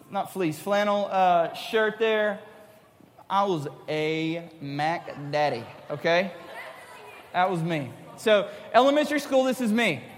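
Man, 30s, youth speaker, high-pitched, animated, long reverb. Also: a little hiss or hum. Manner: animated, acts out his younger self. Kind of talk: youth talk to middle schoolers.

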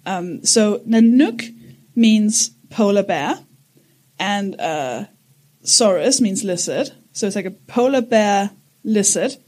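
A woman's voice: medium pitch, animated, slow, a little mellow. A woman in her thirties co-hosting a casual chat podcast, rambling and giggling as she explains things. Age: 30s. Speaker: podcast co-host.

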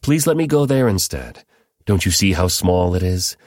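A man's voice: deep voice, expressive, normal speed, darkish tone, no echo, studio quality. A man reading as an anxious, begging host. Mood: anxious pleading. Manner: pleading, urgent. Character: anxious, begging man protecting his guests.

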